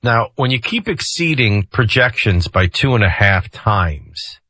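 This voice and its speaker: A middle-aged man hosts a radio morning show in a folksy, joking way. His voice is bright and forceful with a touch of husk, and his pitch swings up and down a lot. The sound is dry and close on a studio microphone. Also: unhurried, no room sound. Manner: folksy, joking, lively delivery. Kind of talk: casual radio talk.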